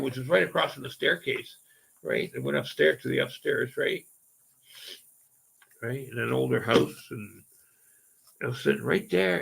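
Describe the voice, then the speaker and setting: Gravelly, profane man telling a ghost story. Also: mid-range voice, sharp tone. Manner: rambling, profane, heavy fillers like "right?" and "okay?". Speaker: paranormal storyteller. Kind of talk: casual storytelling.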